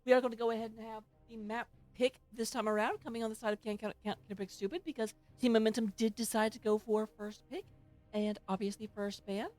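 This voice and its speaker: Goofy, higher-voiced woman casting an esports stream from home, self-mocking, over quiet background music. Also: steady tone, fast. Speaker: esports tournament caster. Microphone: headset.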